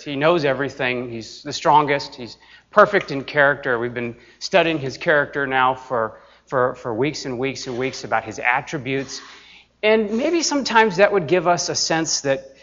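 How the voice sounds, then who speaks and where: A man delivers a sermon in an earnest, emphatic way, drawing out his key phrases slowly. His voice sits in a middle pitch for a man. The recording sounds dull and lo-fi. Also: fairly bright tone. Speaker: pastor.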